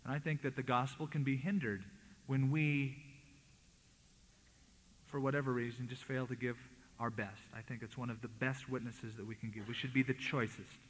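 A man's voice: mid-range voice, fairly even intonation, normal speed, big-room sound, poor audio. A man preaching a sermon, reading scripture aloud with emphatic rises and falls. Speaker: pastor.

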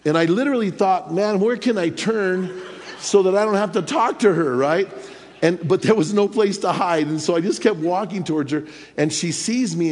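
A man preaching a sermon in a church, telling a personal story in a lively way and chuckling now and then. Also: fairly high pitch. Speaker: pastor. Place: church sanctuary. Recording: long hall reverb.

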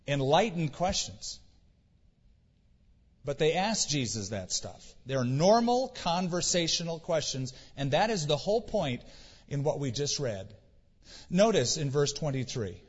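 A man's voice: on the high side, slightly rough. A man preaching a sermon in a casual, conversational way, acting out quotes with mock voices. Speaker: pastor. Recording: dull sound with long hall reverb.

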